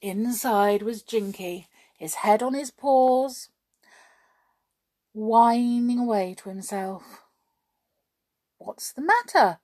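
A woman reading a children's story aloud, animated and chatting to her listeners. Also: on the high side, slow, long pauses.

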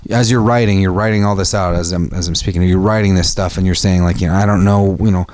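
A man with a lowish voice, talking in a loose, rambling way and swearing freely as he gives creative advice. The sound is dry and close, with no room echo. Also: fairly even intonation, fast, darkish tone. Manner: rambling, profane and earnest. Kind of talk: casual talk to camera.

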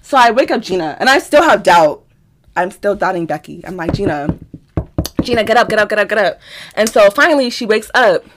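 Animated, swearing young woman storyteller. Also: medium pitch, brisk, a little hiss or hum. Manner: animated, swears freely, acts out quotes. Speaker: podcast host. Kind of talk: casual storytelling.

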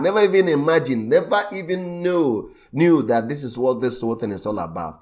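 A man preaching a sermon, emphatic and repetitive, often breaking in with praise. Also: medium pitch. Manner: emphatic, repeats phrases and says "Praise God" often. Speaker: pastor.

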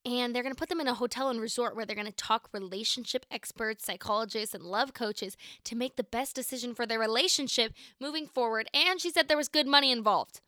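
A young woman of nineteen hosts her own podcast and tells a personal story in a chatty, animated way. Her voice is bright and slightly high. The sound is close and dry, and she keeps acting out both sides of the conversation. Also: brisk, few pauses, no echo. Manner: chatty, animated, lots of "like" and quoted dialogue. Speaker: podcast host. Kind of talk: casual storytelling.

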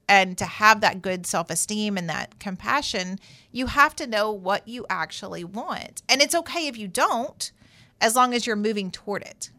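A woman therapist talks through advice in a relaxed, emphatic way, sometimes playing out the doubting voices in people's heads. Her voice is bright and forward, recorded close and dry with no room sound. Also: mid-range voice, moderate pace, no echo. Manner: conversational, emphatic, acts out inner voices. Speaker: therapist host. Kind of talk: advice monologue.

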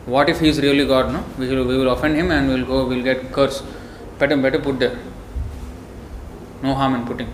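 A man's voice: a little high, fairly bright tone. A man giving a devotional sermon in an emphatic, scolding, storytelling manner. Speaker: preacher. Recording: echoey room, faint background noise.

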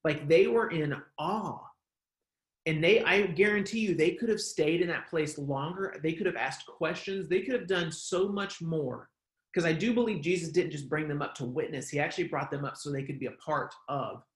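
A man's voice: fairly high pitch, normal speed, reverberant. A man preaching a casual online sermon, talking conversationally with lots of "like" and "um". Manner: conversational, many fillers like "like" and "um". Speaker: pastor.

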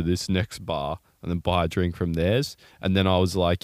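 A man's voice: low-pitched, steady tone, brisk, hardly any pauses, clean tone, no room sound, clean studio sound. A young man telling rambling, swear-heavy stories in casual chat with mates.

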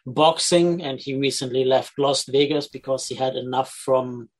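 A man's voice: medium pitch, steady tone, normal speed, poor audio. A man chatting casually as a tabletop player, stammering a bit while thinking aloud. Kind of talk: casual chat.

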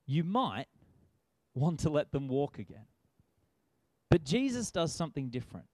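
Lively man preaching. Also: fairly high pitch, moderate pace, dry recording. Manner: lively, conversational, asks rhetorical questions. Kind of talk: sermon.

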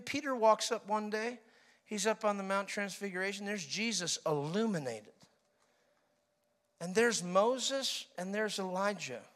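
A man preaching a sermon in an animated, joking way, acting out voices with sudden loud outbursts. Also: sits high. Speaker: pastor.

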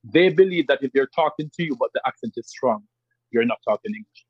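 A man from Jamaica with a strong Jamaican accent, a podcast guest speaking in emphatic, animated conversation and often repeating himself. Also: mid-range voice, brisk, breathy edge, no echo, dull audio. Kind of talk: casual conversation.

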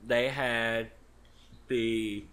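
A man's voice: mid-range voice, fairly even intonation, extremely slow, fairly bright tone. A young man, a podcast co-host, telling a rambling story in casual chat and swearing freely.

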